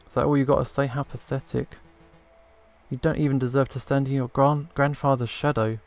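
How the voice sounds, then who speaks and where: A scornful, haughty noblewoman from a video game, as a man reads her out. Her tone is cutting and contemptuous, at an average pitch. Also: flat delivery, a little fast, soft background music, natural voice.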